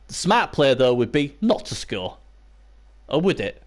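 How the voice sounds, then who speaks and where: A hoarse man calls a video game match live, his voice worn from the night before. His pitch swings widely from low grumbles to sudden squeaky cheers, and he talks to the chat like old friends. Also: normal speed. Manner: excitable, bursts into high yelps and cheers; chatty, talks to viewers and chat by name. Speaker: live stream commentator. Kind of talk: casual video game commentary.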